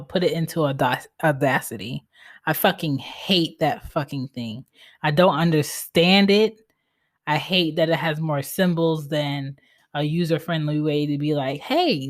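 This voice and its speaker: A woman in her thirties hosting a casual solo podcast from home, talking candidly and bluntly and swearing freely. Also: low voice. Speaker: podcast host.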